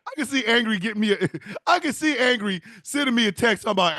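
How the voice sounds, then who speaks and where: Male host, high lively voice, laughing rambling storyteller, dry close sound. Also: moderate pace, dry recording. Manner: laughing, animated storytelling with swearing. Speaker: show host. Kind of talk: comedic rambling talk show.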